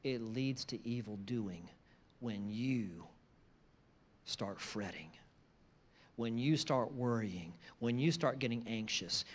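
A man preaching a sermon, moving from conversational asides to loud, emphatic repeated phrases. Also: mid-range voice. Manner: conversational asides between scripture lines. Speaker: pastor.

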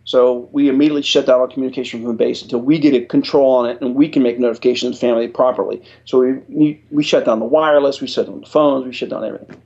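Middle-aged american guy telling his story on a podcast, earnest and halting, repeats himself, kinda dull lo-fi sound. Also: mid-range voice, steady tone, mellow. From United States. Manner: earnest, halting, repeats words while recounting. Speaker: podcast guest, retired Air Force chief master sergeant. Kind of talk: personal storytelling in an interview.

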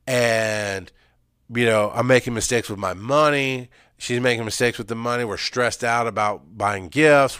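A middle-aged man telling a raw personal story with emphatic, blunt storytelling that swings between loud bursts and low, quiet stretches. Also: smooth, dry recording, studio quality. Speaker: speaker sharing his experience.

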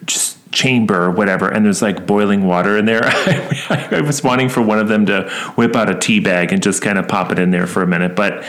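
A man's voice: on the low side, fairly quick, hardly any pauses, fairly bright tone. A man co-hosting a podcast, wry and playful in casual film chat. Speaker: podcast co-host.

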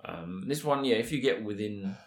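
Low-voiced man chatting in an echoey room. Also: moderate pace. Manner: relaxed, rambling, restarts sentences often. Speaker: quiz co-host. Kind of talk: casual chat.

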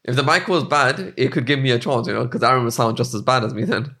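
A man's voice: mid-range voice, fast talker, sharp tone, breathy edge. A man in his twenties co-hosting a podcast, casual and self-deprecating, who laughs easily and fills his talk with "like". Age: 20s. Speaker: podcast co-host. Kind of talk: casual chat.

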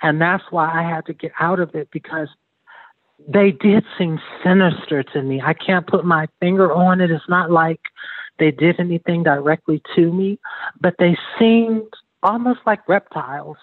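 A woman's voice: fairly low pitch, normal speed, dry recording. Woman from Baltimore, phone-interview guest, earnest and rambling, narrow phone-line sound. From Baltimore, United States. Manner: earnest, rambling, repeats and restarts often. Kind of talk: phone interview, personal account. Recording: tinny phone line, dry.

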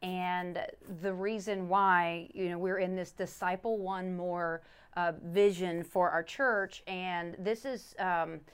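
A woman's voice: on the low side, steady tone, slow pace, clean tone. A middle-aged woman, a pastor's wife co-hosting a faith podcast, explaining a Bible study method earnestly, with many restarts and repeated verses. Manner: earnest, restarts often, repeats scripture with stress on each word. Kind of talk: casual faith podcast teaching.

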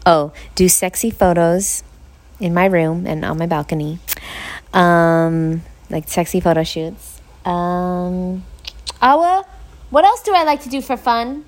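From her living room couch, a woman hosts a podcast in a lowish voice, recorded dry through a podcast mic. The chat is casual, and she is tired but upbeat, laughing often.

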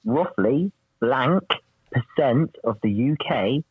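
A man's voice: mid-range voice, animated, slow, breathy edge, dry recording. Teasing man on a muffled call. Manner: teasing, swears, laughs often. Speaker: quiz host. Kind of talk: casual online chat. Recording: dull muffled dry voice call audio.

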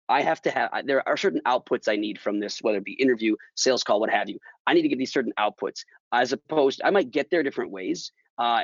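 A man's voice: medium pitch, dry recording, highs cut off. A man as a podcast guest, speaking thoughtfully and emphatically with many restarts. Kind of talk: casual conversational interview.

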